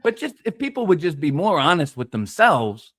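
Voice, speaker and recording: Animated high-voiced man ranting on a stream. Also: moderate pace. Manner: profane, preachy ranting; animated, loud emphatic bursts. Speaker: stream panel speaker. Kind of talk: casual streamed panel chat. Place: online streaming call.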